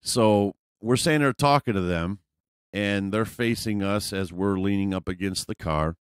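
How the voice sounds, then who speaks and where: A man's voice: lowish voice, normal speed, smooth, dry recording, studio quality. A man vlogger telling a personal story in a casual, rambling way, full of fillers and profanity.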